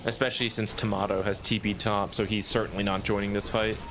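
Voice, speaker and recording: A man with a lowish voice calls an esports match live, talking through the plays in a relaxed way. He chuckles easily as he analyzes, and a music track runs clearly behind him. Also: fast. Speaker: esports commentator. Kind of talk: live game commentary.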